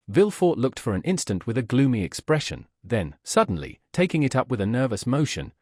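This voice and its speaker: Man reading an old novel aloud, husky voice, very animated pitch. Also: dry recording, studio quality. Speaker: audiobook narrator. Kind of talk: scripted narration of a classic novel.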